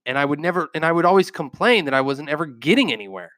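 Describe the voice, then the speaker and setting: A man's voice: on the high side, very animated, fast talker, fairly bright tone, no echo, clean studio sound. Fired-up man giving a motivational talk. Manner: intense, emphatic, repeats phrases for punch. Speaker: podcast host. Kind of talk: motivational podcast monologue. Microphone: microphone.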